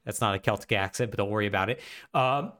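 A man co-hosting a podcast, recapping a game with animated, sarcastic storytelling. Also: lowish voice, quick pace. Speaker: podcast co-host.

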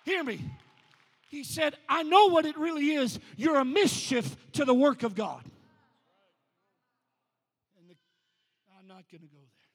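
High-voiced preacher in a reverberant hall. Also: male voice, moderate pace, some chatter behind. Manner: builds to loud, rhythmic preaching. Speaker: pastor. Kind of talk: sermon.

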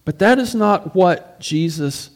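A man's voice: sits high, lively intonation, takes it slowly. A man, a pastor, preaching a sermon in a conversational way, asking rhetorical questions and often repeating words as he goes.

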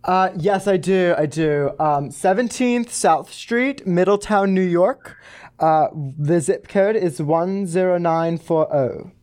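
In a prank phone call, a man plays a hesitant, fumbling male caller with a put-on accent, stalling with ums and restarts. He speaks slowly in a high-pitched, darkish voice.

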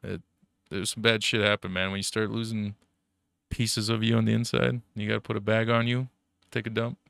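A man's voice: lowish voice, little pitch movement, fairly quick, creaky, fairly bright tone, dry recording. A young man telling rambling, profanity-filled stories in casual chat, full of fillers.

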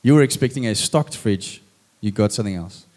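Male pastor, relaxed sermon voice, light humor, quizzes the crowd. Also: on the low side, a little fast. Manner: chatty, jokey, asks the audience questions. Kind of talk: casual sermon to a congregation.

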